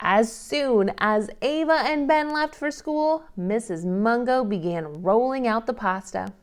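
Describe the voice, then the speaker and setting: A woman leading a toddler storytime, reading picture books and singing gently in a slow, sing-song way. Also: on the high side, clear, resonant tone. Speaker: children's librarian. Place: library storytime recorded on camera.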